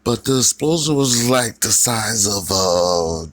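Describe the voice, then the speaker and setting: A man's voice: fairly low pitch, animated, slow pace, fairly bright tone, no echo. A man narrating a fan story in a casual, rambling way with fillers and restarts.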